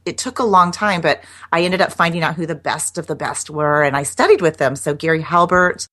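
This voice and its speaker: Speaking briskly in a low, somewhat bright voice, a middle-aged copywriter chats as an interview guest. Her casual talk is loose and self-deprecating, with many restarts.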